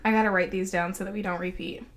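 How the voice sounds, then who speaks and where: A woman's voice: medium pitch, steady tone, fast. A young woman co-hosting a podcast, chatting casually with a stuffy nose and frequent giggles. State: congested. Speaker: podcast co-host. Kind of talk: casual chat.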